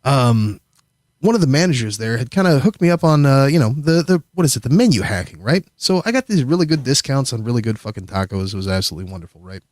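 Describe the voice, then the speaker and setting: A man's voice: medium pitch, expressive, quick pace, darkish tone, no room sound, clean studio sound. A man casually telling a long, rambling, profane story as a guest on a livestream. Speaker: streamer guest.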